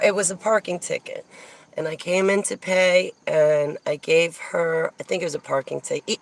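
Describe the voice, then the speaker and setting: A woman's voice: low-pitched, gravelly, rough recording. A woman from New Jersey telling a rambling personal story in a casual monologue, digressing often and laughing as she goes.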